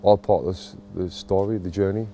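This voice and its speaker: The voice sits low and mellow, brisk and fairly even in intonation, with slight background noise. He's a Sunderland man in his thirties, a boxing coach who vlogs, speaking in a Mackem accent at a football stadium, chatty, emotional, and self-mocking.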